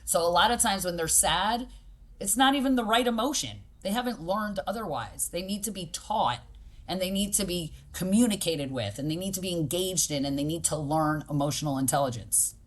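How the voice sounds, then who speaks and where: A woman's voice: on the low side, brisk. A middle-aged woman, a boxing coach, talking casually on a podcast and acting out what kids and parents say. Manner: animated, acts out kids' and parents' voices.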